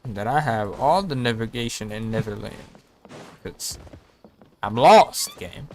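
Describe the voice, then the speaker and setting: A man's voice: lowish voice, lively intonation, measured pace, a little hiss or hum. A man giving casual, joking gameplay commentary, often talking to himself as he plays. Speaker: streamer.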